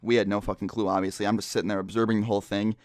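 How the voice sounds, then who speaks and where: Here the vlogger's voice sits on the low side with a level tone, racing through his story while holding the volume down indoors because others are next door. Swearing and filler words pepper his casual talk, captured in a dry, clean studio recording.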